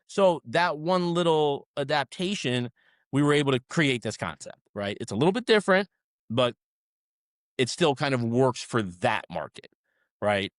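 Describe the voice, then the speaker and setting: Animated man telling stories, tagging "right?". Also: medium pitch, moderate pace, dry recording, studio quality. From South Florida. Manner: animated storyteller, tags many sentences with "right?". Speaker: restaurant management co-founder, guest. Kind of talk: conversational interview.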